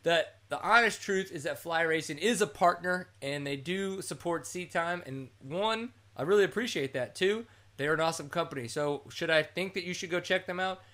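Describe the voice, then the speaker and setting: A man's voice: high-pitched, normal speed, few pauses, bright, forceful tone. Brash joking male podcast host. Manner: brash, joking, crude humor. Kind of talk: casual chat.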